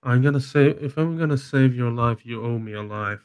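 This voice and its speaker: A man's voice: medium pitch, moderate pace, a little mellow. A man taking part as a player in a tabletop game, asking probing questions. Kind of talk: tabletop role-play chat.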